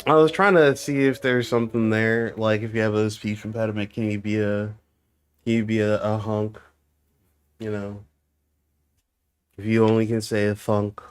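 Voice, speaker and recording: A man's voice: lowish voice, flat delivery, moderate pace, pauses often, smooth. A young man streaming, chatting casually and joking with made-up nonsense words. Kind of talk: casual livestream chat.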